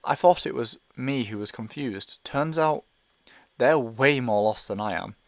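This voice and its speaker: A man's voice: mid-range voice, measured pace, no echo. A man reading a novel aloud in first person, with an anxious, hesitant inner monologue. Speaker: audiobook reader.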